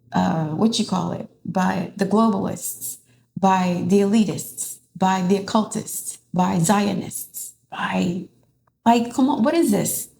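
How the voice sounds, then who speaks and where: Fed-up wealthy older man as done by a woman, exasperated, gravelly edge. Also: mid-range voice, dark tone. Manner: exasperated, complaining.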